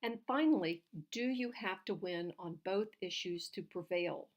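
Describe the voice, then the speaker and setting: A woman, a legal writing instructor, giving clear, direct numbered tips on oral argument. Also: fairly low pitch, measured pace.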